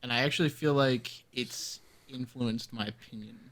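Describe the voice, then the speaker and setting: A man with a middle-pitched voice co-hosts a relaxed podcast chat. He talks in a playful, teasing way and swears casually. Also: moderate pace. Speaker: podcast co-host.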